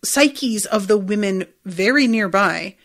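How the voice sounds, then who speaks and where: A woman's voice: medium pitch, expressive, takes it slowly, fairly bright tone. A woman hosting a podcast, recapping a TV episode in a rambling, chatty way and swearing freely. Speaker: podcast host.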